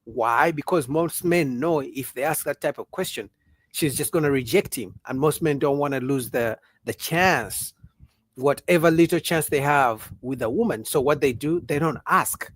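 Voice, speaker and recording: Animated man hosting a livestream. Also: fairly high pitch, normal speed, no room sound. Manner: animated, argumentative, rhetorical questions; reads out viewer chat comments. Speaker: livestream host. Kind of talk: casual livestream talk.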